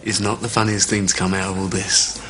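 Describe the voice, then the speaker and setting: A man's voice: deep voice, flat delivery, a little fast, natural voice. Man playing a cheeky, teasing young man. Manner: teasing, laughing. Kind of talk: TV drama acting.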